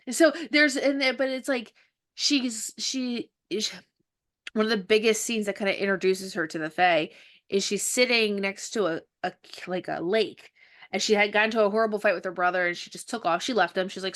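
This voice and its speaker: A woman's voice: medium pitch, a little fast. A woman hosting a podcast in casual chat, telling stories animatedly and acting out bits of dialogue. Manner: animated storyteller who acts out dialogue. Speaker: podcast host and author.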